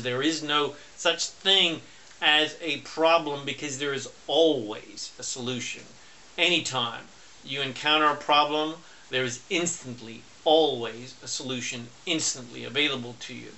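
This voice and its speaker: A man giving a motivational self-help talk, speaking loud and emphatic and slowing down to stress key points. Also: on the high side.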